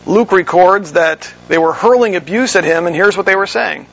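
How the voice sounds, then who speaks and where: A man with a fairly high, gravelly voice preaching verse by verse. His tone is husky and he teaches at a measured pace, sometimes stopping to correct himself. The recording sounds dull and lo-fi. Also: a bit bright. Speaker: pastor. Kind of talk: expository sermon.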